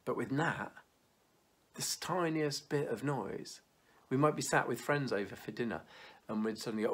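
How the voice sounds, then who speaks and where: A man in his thirties giving a church youth talk, telling stories in a lively way, then turning quiet and earnest, with some stumbling restarts. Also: mid-range voice, moderate pace.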